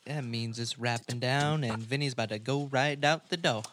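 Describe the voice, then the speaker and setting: A man's voice: medium pitch, moderate pace, fairly bright tone, a little hiss or hum. A man co-hosting a comedy podcast, narrating an improv scene with a joking manner. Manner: joking, laughing. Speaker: podcast co-host. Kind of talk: casual chat and scene narration.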